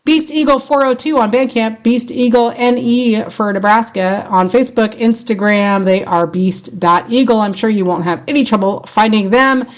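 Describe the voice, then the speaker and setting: A woman's voice: on the high side, moderate pace, hardly any pauses. A woman with a heavy California accent hosts a music show in a loose, rambling way. She is self-mocking and laughs easily, often tripping over her words. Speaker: radio show host. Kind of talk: casual rambling show hosting.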